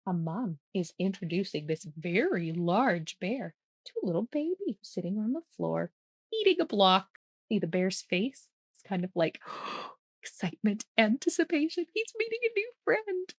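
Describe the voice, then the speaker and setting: Lively woman reading a children's book. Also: medium pitch, unhurried, dry recording. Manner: animated, laughing, playful asides to children. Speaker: children's storytime host. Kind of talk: reading a picture book aloud to kids.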